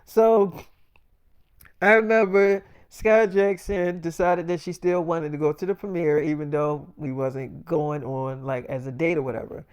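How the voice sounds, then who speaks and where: Man, high clean voice, casual storytime, cussing freely. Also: fairly even intonation, unhurried, clean tone, dry recording. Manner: loose, profane, conversational.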